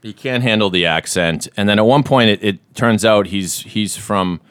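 A man hosting a podcast, telling animated stories with quick impressions. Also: on the low side, clear, resonant tone, no room sound. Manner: animated storyteller, slips into impressions. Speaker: podcast host. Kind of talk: casual chat.

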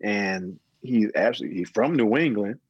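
A middle-aged man, an interview guest and business owner, talking casually and telling his story with lively quoted dialogue. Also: on the low side, normal speed, breathy edge, no room sound, muffled recording. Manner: storytelling, animated when quoting others.

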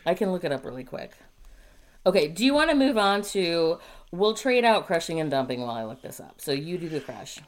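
A woman co-hosting a podcast in loose, casual chat. Her lowish voice swings widely in pitch as she rants, swearing freely and getting fired up. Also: brisk. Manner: profane, animated ranting. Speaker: podcast co-host.

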